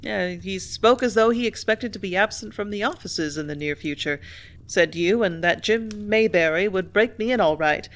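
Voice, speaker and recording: A woman voicing a cheerful, earnest young clerk in an audiobook reading, a touch louder and higher than her narration. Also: moderate pace, lightly acted. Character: cheerful young man, left-handed clerk.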